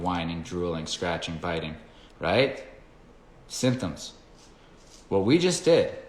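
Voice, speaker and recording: A man's voice: lowish voice, roomy sound. A man, a dog trainer, explaining his method in a casual lesson, blunt and swearing freely as he talks straight to viewers.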